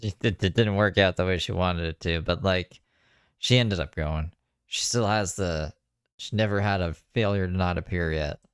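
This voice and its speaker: A man reacts to a livestream with short, dry, wry remarks. His voice is very deep and sounds close and dead, with no room around it. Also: normal speed, smooth, no room sound. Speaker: commentator. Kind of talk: reaction commentary over a livestream.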